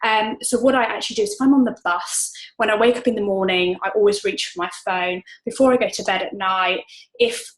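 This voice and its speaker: A woman's voice: mid-range voice, fairly quick, poor audio. A woman gives casual advice from home. She talks in an upbeat, chatty way, with plenty of fillers and restarts. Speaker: interviewee, network marketer. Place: home room.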